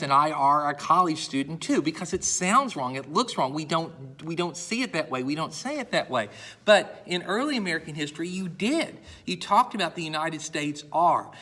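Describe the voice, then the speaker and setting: In a high-leaning, sharp voice, a middle-aged man lectures a college history class conversationally. He says "uh" a lot, restarts his sentences and repeats points to drive them home.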